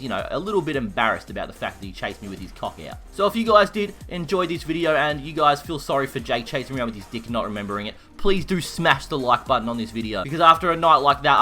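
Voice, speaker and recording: A young Australian man telling a story in a rowdy, profane, animated way. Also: medium pitch. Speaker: YouTuber. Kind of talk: casual storytelling while gaming.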